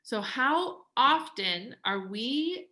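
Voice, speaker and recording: A woman's voice: a little high, animated, drawn-out words, bright, forceful tone. A woman life coach talking casually to a live coaching group. She is chatty, says "like" often and acts out quoted voices.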